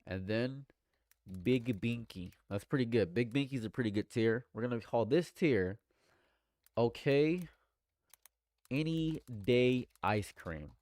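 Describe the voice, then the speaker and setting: A man streaming casual live commentary, ranting in mock outrage and swinging between mumbled asides and loud outbursts. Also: medium pitch, lively intonation, slow, long pauses, dry recording.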